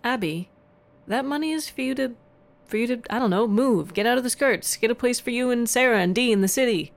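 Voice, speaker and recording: An actress playing a doctor and mentor who talks earnestly and a bit hesitantly. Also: female voice, a little high, brisk, gravelly.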